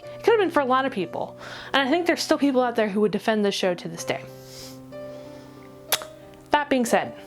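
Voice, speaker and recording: A woman reviewing an anime in a ranty vlog, exasperated, rapid and swearing. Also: a little high.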